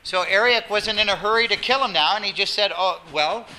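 A man preaching a sermon as pastor, animated, acting out quotes and dropping to a soft voice for emphasis. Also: high-pitched, brisk. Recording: noisy sermon recording.

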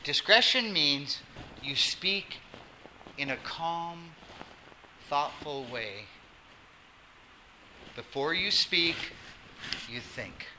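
A man preaching a sermon as pastor, animated, acting out quotes and dropping to a soft voice for emphasis. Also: fairly high pitch, very slow, long pauses. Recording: noisy sermon recording.

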